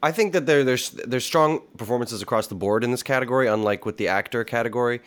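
A man's voice: medium pitch, quick pace, a bit bright. A man on a casual panel discussion, giving emphatic, opinionated takes.

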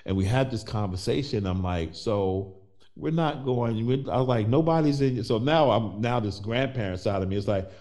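A middle-aged man telling a personal story in conversation, animated and acting out the voices of people he quotes. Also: mid-range voice, normal speed.

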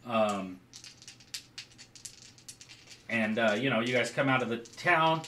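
A man narrating as game master of a tabletop game, describing scenes haltingly with many fillers. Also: mid-range voice, sharp tone, roomy sound, a little hiss or hum.

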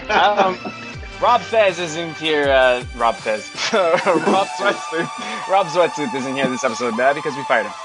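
Lively, joking male podcast host. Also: on the high side, a little slow, loud music behind the voice. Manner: joking, swearing, laughs often. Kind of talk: casual podcast banter.

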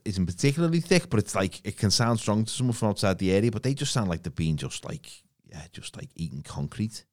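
Lively jokey Scouse man. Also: on the low side, quick pace. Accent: Liverpool (Scouse). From Liverpool, England. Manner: jokey, sarcastic, swears freely. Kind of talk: casual chat.

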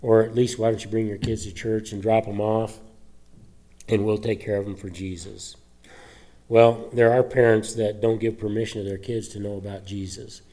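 A man, a pastor, preaching a conversational sermon with many fillers and restarts, his throat a little rough and choked up. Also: fairly low pitch, flat delivery, moderate pace, mellow. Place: church sanctuary.

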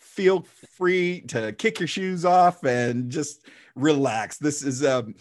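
An American man hosting a podcast in a casual chat, joking with animated asides. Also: fairly high pitch, slow pace, no echo, clean studio sound. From United States. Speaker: podcast host.

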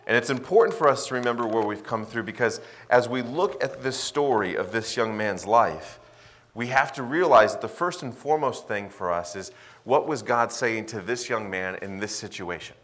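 A male pastor preaching a sermon, swinging between loud emphasis and quiet asides. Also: mid-range voice, moderate pace.

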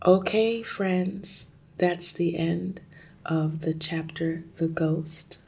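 Slow, husky woman reading a story. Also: lowish voice. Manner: expressive, slow and careful. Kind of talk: reading a children's novel aloud with study questions.

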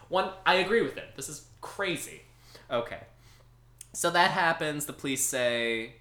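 A man co-hosting a podcast, casually recapping a movie in a rambling, animated way. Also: a little high, normal speed, roomy sound. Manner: rambling, animated storytelling with laughs. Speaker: podcast co-host.

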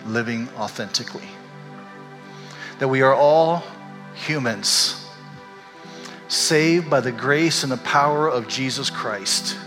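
An older man, a pastor, telling a candid and emotional personal story in a sermon, animated as he goes. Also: medium pitch, takes it slowly, pauses often, soft background music. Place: church sanctuary. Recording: echoey hall.

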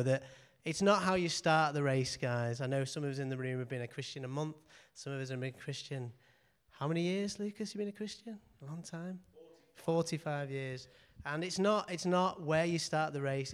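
Earnest sounding guy preaching to a small church room, clear voice, keeps saying okay. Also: on the high side. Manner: earnest, repeats phrases, frequent "okay". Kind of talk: informal sermon.

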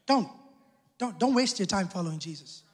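Male pastor with a very high voice, delivering an emphatic sermon in a big echoing church hall. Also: expressive, normal speed, slightly rough. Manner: emphatic preaching with call-outs to the congregation. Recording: long church hall reverb.

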